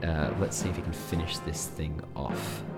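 A man acting as game master, narrating a tabletop game in a relaxed, chatty way and laughing often. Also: a bass voice, normal speed, over music.

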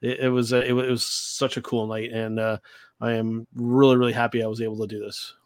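Flat-voiced man rambling earnestly. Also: medium pitch, no echo. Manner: rambling, halting, full of restarts, earnest. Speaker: podcast co-host. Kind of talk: casual chat.

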